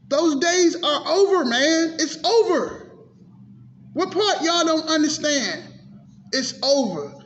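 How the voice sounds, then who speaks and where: A man's voice: very high-pitched, fairly bright tone. A man vlogging a frustrated, cursing rant about sports, repeating himself as he complains. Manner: frustrated, cursing, repetitive ranting. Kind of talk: ranting sports commentary. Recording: dull lo-fi audio with faint noise.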